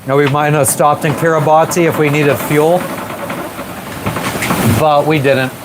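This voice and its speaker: Brief: male sailing vlogger, loose rambling live-chat delivery, slightly high voice, noisy ocean wind and waves behind. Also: a little slow. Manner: relaxed, rambling, eating while talking. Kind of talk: casual live stream chat. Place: sailboat at sea. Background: waves and boat noise.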